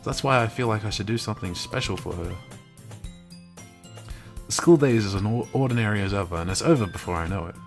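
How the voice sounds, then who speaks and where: A man's voice: lowish voice, brisk, creaky, long pauses, faint music behind. Young man narrating a visual novel. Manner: wry, deadpan asides and plain narration. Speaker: streamer reading a game aloud.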